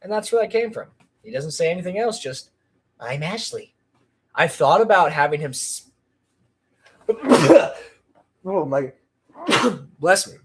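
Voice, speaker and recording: A man's voice: a little high, big pitch swings, a little slow, pauses often, breathy edge. A man chatting on a casual livestream about his channel, rambling with lots of ums and restarts. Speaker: channel creator.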